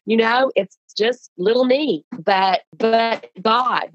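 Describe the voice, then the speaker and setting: Her pitch sits fairly high and her pace is slow, and the top end of the audio is cut off. As a guest, the author chats earnestly and animatedly about creating and releasing her book, with many restarts along the way.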